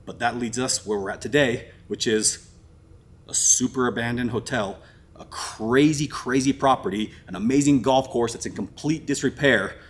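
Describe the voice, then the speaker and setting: A man hosting an exploring vlog, telling a story in an excited, casual way and saying "dude" a lot. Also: medium pitch, moderate pace, husky. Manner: excited, storytelling, says "dude" and "crazy" often. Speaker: vlogger host. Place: abandoned resort building, indoors.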